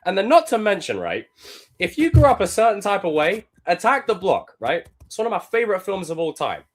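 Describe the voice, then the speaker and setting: A young man live-streaming, reacting to film clips with animated, profane commentary and sudden loud outbursts. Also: high-pitched, brisk.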